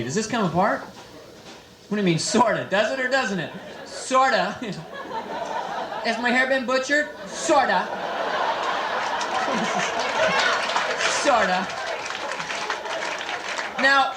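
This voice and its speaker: Young comic working a club crowd. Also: male voice, high voice, animated. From San Francisco. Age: 20s. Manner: loose, teasing crowd work with quick put-on voices. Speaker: stand-up comedian. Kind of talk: live stand-up set. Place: comedy club. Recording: echoey club room with audience noise. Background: audience laughter.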